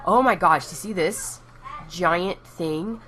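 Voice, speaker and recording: A woman's voice: on the low side, lively intonation, takes it slowly, fairly bright tone, slight background noise. A young Texan woman chatting casually and rambling on a live stream, laughing at herself as she goes. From Texas.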